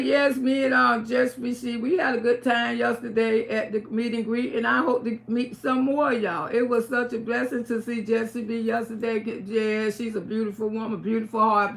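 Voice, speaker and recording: A middle-aged woman chats on a live stream with a high, gravelly voice. She talks bluntly and curses freely, repeating her points for emphasis as she speaks to her viewers. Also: a bit bright.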